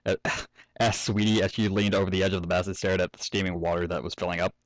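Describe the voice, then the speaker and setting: Young guy reading fanfic into a home mic, lowish voice, super dry sound, keeps cutting in with jokes and swearing. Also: level tone, quick pace, dry recording, poor audio. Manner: breaks off to joke, swear and laugh. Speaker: fanfic reader. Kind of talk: casual story reading with asides.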